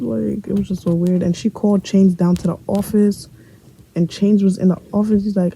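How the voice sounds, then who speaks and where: A woman's voice: medium pitch, steady tone, normal speed, pauses often, mellow, slight background noise, poor audio. A young woman from Brooklyn with a New York accent tells a storytime vlog in a blunt, profane, joking way, acting out what the other people said. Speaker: vlogger telling a story. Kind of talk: casual storytime monologue.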